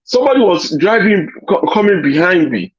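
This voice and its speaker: Nigerian man, high-pitched husky voice, rambling anecdotes with "you know" fillers, dry lo-fi call sound. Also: very animated, brisk, no echo. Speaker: panel guest. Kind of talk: casual online panel chat. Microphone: video call.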